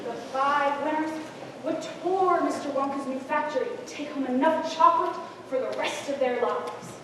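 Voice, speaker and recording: Stage narrator: woman, very high voice, theatrical audience address, booming hall reverb. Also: moderate pace. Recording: echoey hall from far off, noisy.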